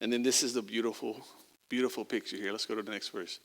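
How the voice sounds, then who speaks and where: A man preaching a sermon in a conversational way, moving between loud emphasis and quiet, low stretches and acting out the people he quotes. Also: fairly even intonation, fast, creaky, long reverb tail. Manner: acts out quoted people in a casual voice. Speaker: pastor.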